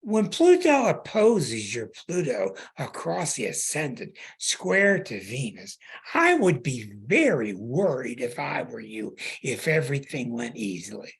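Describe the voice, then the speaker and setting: A male astrologer host reads a caller's chart with a husky, slightly rough voice. His pitch swings widely as he hammers home his points. He is plain-spoken and repeats himself for emphasis. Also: wildly swooping pitch, unhurried, hardly any pauses. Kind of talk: call-in astrology chart reading.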